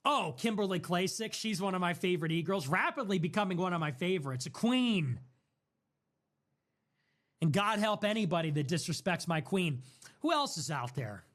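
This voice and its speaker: A man with a high, light voice riffs on a live stream. He rants casually and sarcastically, pushing provocative lines on purpose. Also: lively intonation, normal speed, fairly bright tone.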